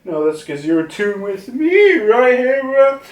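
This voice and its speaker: A man's voice: very high-pitched, big pitch swings, slow pace, voice pushed up, full character voice. A man voicing a cocky, boastful male living sun with a brash manner. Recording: roomy, distant from mic.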